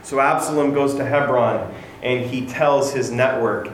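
A man's voice: mid-range voice, fairly even intonation, normal speed. A male pastor retells a story from the pulpit, slipping into the voices of its people and adding wry asides about himself. His voice rings out in a roomy, echoing space over a faint hum of ambience. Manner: storytelling, acting out quotes, self-deprecating asides. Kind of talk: sermon. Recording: echoey room with faint ambience.

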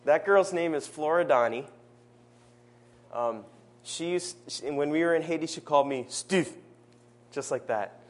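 A man preaching a sermon in a church service, earnest, slowing down to stress his key phrases. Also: fairly high pitch.

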